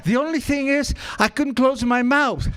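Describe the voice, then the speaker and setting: A man with a high-pitched voice tells a story to an audience, playing it for laughs. He mocks himself as he goes, acting out scenes and making sound effects. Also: moderate pace, smooth. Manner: animated, comic, acts out scenes with gestures and sound effects; self-mocking. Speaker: recovery meeting speaker. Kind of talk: comic storytelling talk to an audience.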